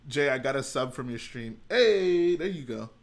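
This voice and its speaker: Gravelly and medium in pitch, a man's voice moves at a moderate pace with lively intonation. He's hosting a home livestream, making casual chat and musing aloud as he builds.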